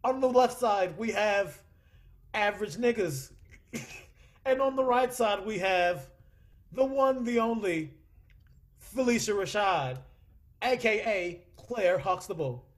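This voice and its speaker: A man's voice: high-pitched, animated, slow pace, long pauses, pitched above the performer's own voice. A man putting on a hammy Australian ghost emcee. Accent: attempted Australian. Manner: showy game-show moderator patter. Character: ghost of a boisterous male Australian wildlife host. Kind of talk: comedic impression.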